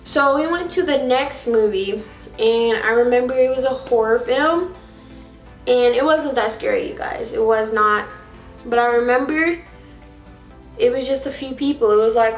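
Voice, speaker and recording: A young woman tells a casual storytime in an animated, exasperated and sassy way. Her voice sits a little high. It sounds roomy, with faint music playing underneath. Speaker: vlogger.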